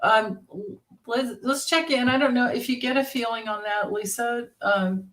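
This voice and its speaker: A woman's voice: on the high side, normal speed, a bit bright. A middle-aged woman hosting a casual tarot livestream, chatting and greeting viewers by name with frequent laughter.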